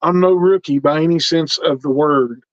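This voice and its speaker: A man's voice: a little high, normal speed, no room sound. A middle-aged man telling stories in casual talk, acting out the other people in each exchange. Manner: animated, quotes other people in dialogue. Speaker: interview guest telling his experiences. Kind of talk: casual storytelling. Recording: dull lo-fi recording.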